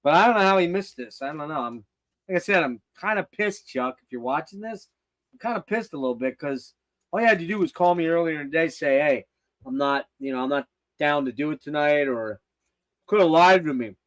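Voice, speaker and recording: A man's voice: fairly high pitch, lively intonation, fairly quick. An older man hosting a casual livestream, rambling and swearing with loose laughter. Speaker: host.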